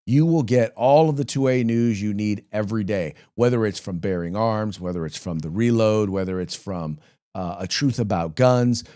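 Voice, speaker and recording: A man's voice: lowish voice, normal speed, dark tone. A man hosting a political talk show, rambling in a folksy way with many fillers and restarts, reading sponsor spots. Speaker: podcast host.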